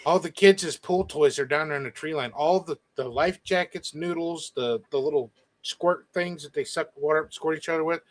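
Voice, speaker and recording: A man's voice: fairly high pitch, normal speed, rough recording. A man telling a story in a casual chat, animatedly acting out what others said. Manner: animated, quoting others in lively bursts. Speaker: guest.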